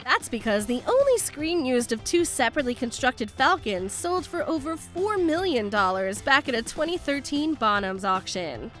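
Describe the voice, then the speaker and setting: A woman's voice: high voice, big pitch swings, normal speed, few pauses, a bit bright, soft background music. A woman doing scripted voice-over narration for a countdown, upbeat and emphatic.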